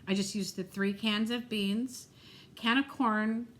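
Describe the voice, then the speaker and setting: A middle-aged woman talks to her camera in a relaxed, chatty way, laughing easily as she goes. Her voice sits at an ordinary middle pitch. A faint noise runs under the recording. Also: slow pace. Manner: chatty, animated, laughs often. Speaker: vlogger. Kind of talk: casual chat.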